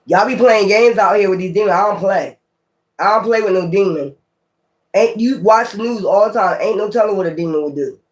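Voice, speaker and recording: A man giving a casual tarot reading to his viewers, blunt and profane, talking in an animated way. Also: high-pitched, a little fast. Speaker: tarot reader.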